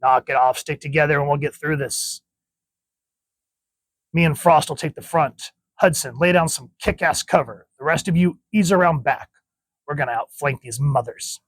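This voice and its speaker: A man's voice: medium pitch, steady tone, brisk, hardly any pauses, husky, no echo, natural voice, rough recording. Man doing a barking marine squad leader, raised and tense. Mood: urgent. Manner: urgent shouted orders.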